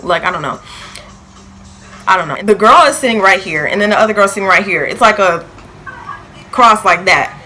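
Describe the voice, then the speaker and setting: A young woman telling a storytime vlog in a lively, filler-heavy way, acting out quotes, with features. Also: medium pitch, normal speed, long pauses, faint music behind, low-quality recording. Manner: animated, filler-heavy retelling with acted quotes. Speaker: vlogger.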